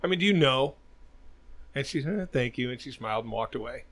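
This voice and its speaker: A man's voice: medium pitch, expressive, a little fast, fairly bright tone, no room sound. A middle-aged man on a podcast, telling a long, loose story with lots of swearing. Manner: rambling storyteller, swears a lot. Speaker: podcast host. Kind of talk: casual chat.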